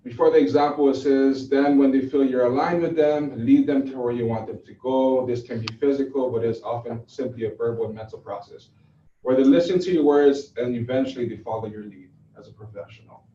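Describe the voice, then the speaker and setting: A man runs a sales training in a mellow, unhurried voice, caught by a mic some way off. The room is echoey and the sound is dull. He talks loosely, full of fillers and restarts. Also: mid-range voice, steady tone, recorded from a distance. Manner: casual, loose and chatty with fillers. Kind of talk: classroom training talk.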